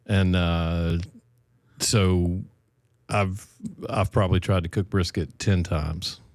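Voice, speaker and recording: A middle-aged man, a podcast co-host, telling relaxed, folksy stories in casual chat. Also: low voice, slow pace, no room sound, clean studio sound. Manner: relaxed storyteller, folksy and self-deprecating.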